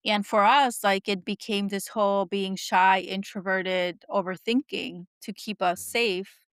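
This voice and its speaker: A woman hosting a podcast, talking in a soft, reflective, rambling way with many fillers. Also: medium pitch, fairly even intonation, unhurried, smooth, dry recording, studio quality. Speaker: podcast host. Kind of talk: casual heartfelt conversation.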